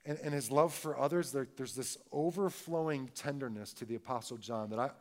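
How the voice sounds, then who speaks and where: A man, a pastor, preaching a conversational sermon, punctuating points with tag questions and moving between loud emphatic stresses and quiet, slow reflective passages. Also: mid-range voice.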